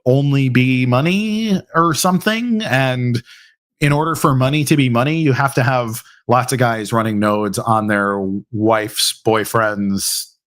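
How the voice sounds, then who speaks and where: A man's voice: medium pitch, level tone, a little slow, fairly bright tone. A man hosting a live ask-me-anything stream who talks in a rambling way, full of fillers and restarts. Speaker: host.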